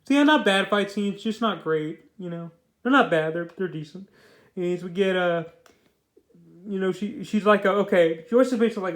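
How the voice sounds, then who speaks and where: A man's voice: high voice, normal speed, reverberant. A young man casually reviewing a comic book. He rambles loosely, restarts his sentences and leans heavily on fillers.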